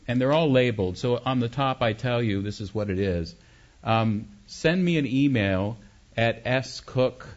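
Man teaching songwriting, dull lo-fi sound. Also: medium pitch. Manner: explains, then sings short melody examples. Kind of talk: teaching with sung examples.

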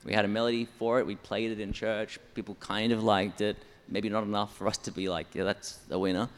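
Delivering his words flatly and briskly, a church songwriter with a fairly low pitch speaks in a large hall. He's interviewed about his method, which he walks through step by step in a methodical, explanatory way, counting syllables aloud.

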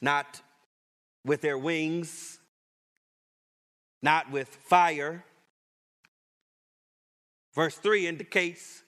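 Slow, bright-voiced male preacher. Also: fairly high pitch. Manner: emphatic preaching with repetition and rising declarations. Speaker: pastor. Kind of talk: sermon.

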